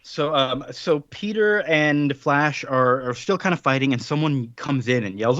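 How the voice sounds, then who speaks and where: A man's voice: medium pitch, a little slow, no room sound. A man co-hosting a podcast, casually recapping a comic with rambling asides and acted-out quotes. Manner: rambling, animated, acts out quoted characters. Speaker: podcast co-host. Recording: dull lo-fi, dry.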